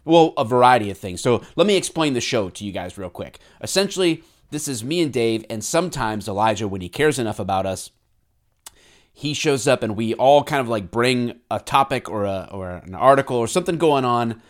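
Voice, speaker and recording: A man's voice: medium pitch, lively intonation, brisk. A man in his thirties co-hosting a casual podcast chat, joking and rambling, often breaking into laughter. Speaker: podcast co-host.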